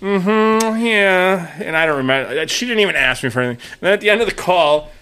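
A man in his thirties, a podcast co-host, telling a story in casual chat, animated and swearing freely while acting out the other voices. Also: high-pitched, brisk, smooth.

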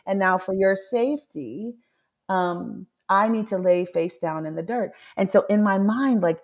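In this candid interview, the guest is a middle-aged author sharing a personal story with sincerity, voicing her thoughts as they come. She has a mid-range, expressive voice and keeps a measured pace.

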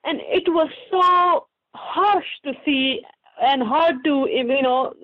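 A woman's voice: high voice, slow. A young woman answering interview questions earnestly and from the heart, often restarting her sentences. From Pakistan. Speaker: guest author. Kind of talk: interview answers over a remote line. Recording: tinny phone-like line.

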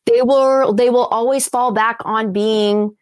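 A woman answering interview questions in a chatty, animated way, with lots of fillers and restarts. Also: on the high side, a little slow, dry recording. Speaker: TV host being interviewed.

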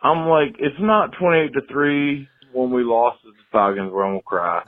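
A man's voice: mid-range voice, moderate pace. Man, caller, voicemail rant, rambling, swearing, phone-line sound. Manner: rambling, swearing, self-pitying.

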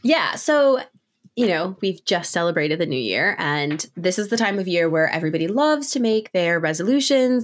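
A woman co-hosting a podcast in a casual chat, her voice a little scratchy from a sore throat and edged with natural vocal fry, speaking in a reassuring, filler-heavy way. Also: on the low side. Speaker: podcast co-host.

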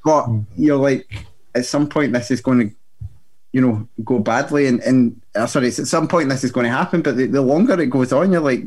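A man's voice: medium pitch, darkish tone. Drunk, emotional Scottish man. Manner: emotional, halting. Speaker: podcast co-host. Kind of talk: casual football chat.

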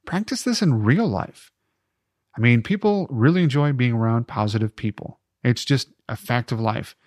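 A man's voice: mid-range voice, expressive, moderate pace, a little mellow, no room sound, studio quality. A man hosting a podcast, giving chatty, encouraging advice with jokey asides. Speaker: podcast host. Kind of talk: casual podcast advice talk.

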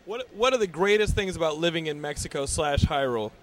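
A playful man works the convention floor as an interviewer, trading teasing jokes with the people he meets. His voice sits a little high. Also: lively intonation, quick pace.

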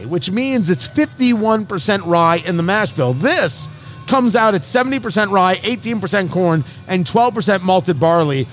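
A man hosting a casual podcast, joking and talking fast with lively, restless energy. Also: sits high. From New Jersey, USA. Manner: quick, animated, jokey, talks over others. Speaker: podcast host. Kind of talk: casual chat.

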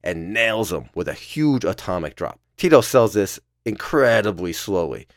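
A man's voice: low voice, sing-song, normal speed, dry recording, studio quality. A man hosting a podcast, giving a casual, profane and playful play-by-play recap of a match, often laughing. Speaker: podcast host.

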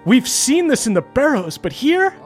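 A woman's voice: high voice, big pitch swings, normal speed, faint music behind, voice pushed up. A woman voicing a pompous rich nobleman giving a grand, showy speech. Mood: grandiose.

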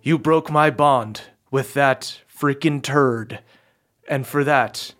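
A game master voicing a proud, grudging griffin ally in a tabletop game, in a slightly lower, altered voice. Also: takes it slowly, a bit bright. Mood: grateful.

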